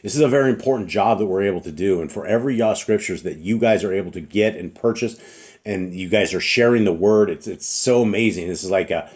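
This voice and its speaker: Middle-aged man, low-ish voice, earnest informal preacher, throat-clearing, slight cough. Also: fast talker, a little mellow. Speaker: religious teacher.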